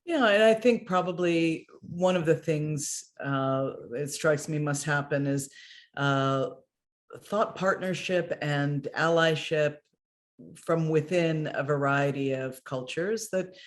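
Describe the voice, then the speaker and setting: A woman's voice: deep voice, slow. Thoughtful woman hosting a talk. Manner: thoughtful, with many fillers. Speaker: host, moderator. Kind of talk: casual conversation.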